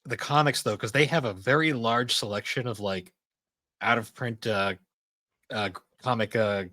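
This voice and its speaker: A man's voice: medium pitch, moderate pace, bright, forceful tone, dry recording. A young adult man co-hosting a podcast in casual chat, rambling and swearing freely. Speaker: podcast co-host.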